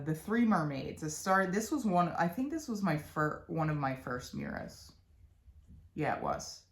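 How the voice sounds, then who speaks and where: Low-voiced woman with a Philadelphia accent. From Philadelphia, USA. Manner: chatty and rambling, many ums and restarts. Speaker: cross-stitch vlogger. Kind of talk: casual rambling chat.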